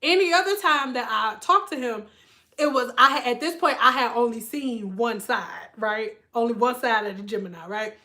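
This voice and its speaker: A woman and former hairstylist chatting casually to her viewers, telling stories in an animated way, swearing freely and acting out what people say. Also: fairly high pitch, moderate pace. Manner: animated storyteller, swears freely, acts out quotes. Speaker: beauty vlogger, former hairstylist.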